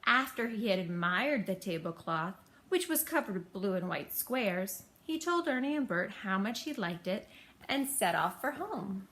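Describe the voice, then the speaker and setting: A woman reading a children's storybook aloud in a gentle, steady manner. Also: medium pitch, unhurried.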